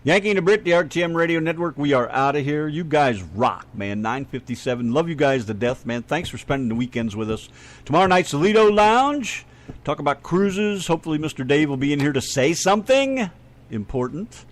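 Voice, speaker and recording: A man's voice: on the high side, expressive, brisk. A laid-back male radio host with a folksy way of talking. His voice rises and falls a lot as he chats casually with listeners and a co-host. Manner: laid-back, folksy, says "man" often.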